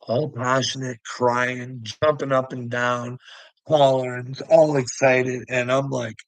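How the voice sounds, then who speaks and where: A man's voice: mid-range voice, little pitch movement, slow, dry recording, rough recording. A man ranting in a rambling video monologue, agitated and swearing heavily, close to the mic. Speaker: religious video commentator.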